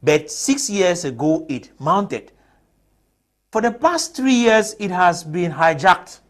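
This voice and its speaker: Speaking slowly but expressively in a high voice, a Cameroonian panelist in a TV studio drives home his argument with emphatic rhetorical questions.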